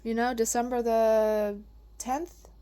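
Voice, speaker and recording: A woman talking casually about her plants in a vlog, gushing and excitable, with a chatty, rambling manner. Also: a little high, takes it slowly, clean tone. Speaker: vlogger.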